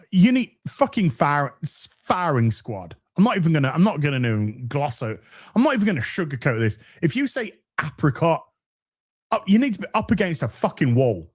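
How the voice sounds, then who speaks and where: A man hosting a casual live stream, reading super chats and answering with profane, animated banter. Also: fairly high pitch, moderate pace, slightly rough. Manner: animated, profane, warm toward chat.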